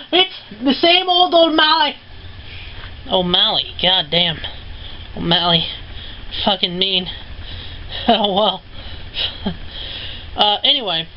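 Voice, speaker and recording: A man rambles through a casual vlog monologue, swearing often and padding his talk with fillers. He speaks slowly and drifts between thoughts. The recording is dull and lo-fi with a faint hiss. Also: high-pitched. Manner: rambling, profane, giggly, full of fillers. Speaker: vlogger.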